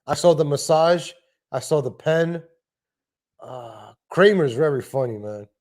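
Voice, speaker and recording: Brief: male streamer, loose rambling monologue, somewhat high-pitched. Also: expressive, unhurried, darkish tone. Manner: rambling, frequent restarts and asides. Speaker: live stream host. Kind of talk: casual livestream rant. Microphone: home desk microphone.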